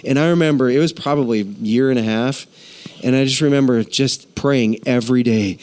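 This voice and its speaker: A middle-aged man, a pastor, preaching a sermon and telling his own story candidly, his voice swinging higher when he gets emphatic. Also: a little fast. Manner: candid, confessional storytelling with lively pitch swings.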